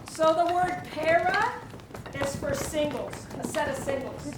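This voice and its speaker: A woman's voice: high voice, normal speed, heavy background noise. A woman teaching a live percussion clinic, chatty and quizzing the audience. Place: large echoey hall with audience. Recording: roomy live hall, distant mic, loud drumming.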